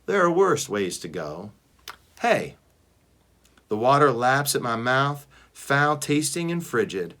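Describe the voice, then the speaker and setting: Casting: teacher reading a kids' novel aloud, bright voice with lots of lilt. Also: male voice, medium pitch, takes it slowly. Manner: expressive, shifts between voices. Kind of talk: first-person novel read-aloud.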